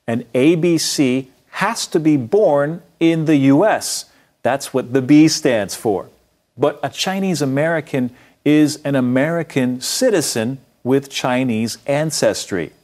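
A man's voice: medium pitch, unhurried, a little mellow. A man co-hosting an English lesson, explaining terms in a friendly, plain scripted way. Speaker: English teacher, co-host.

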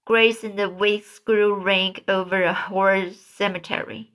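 Slow, halting woman reading a storybook. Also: mid-range voice, fairly even intonation, a bit bright. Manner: slow, halting, repeats words. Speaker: audiobook narrator.

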